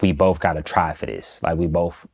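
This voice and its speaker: Man, very low voice, interview guest, slow reflective delivery, pauses often. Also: steady tone, vocal fry. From Michigan, USA. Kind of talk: interview, recounting a personal story.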